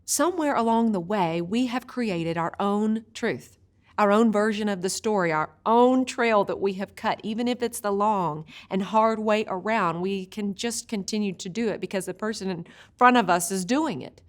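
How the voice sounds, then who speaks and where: A woman teaching a video Bible study, an expressive storyteller who slows down for vivid images. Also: medium pitch.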